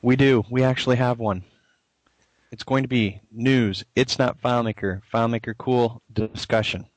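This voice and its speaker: A man co-hosting a tech podcast in loose, easygoing talk, his mid-pitched voice close and dry. He rambles a little and often pauses on fillers. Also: steady tone, dry recording. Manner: chatty, rambling, filler-heavy. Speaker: podcast co-host. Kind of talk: casual podcast chat.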